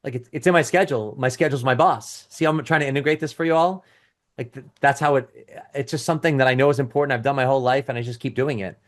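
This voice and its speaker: Speaking fast in an ordinary middle pitch, a middle-aged business coach hosts a live webinar over video call. He's loose and conversational, with restarts and asides, and reads audience chat comments aloud.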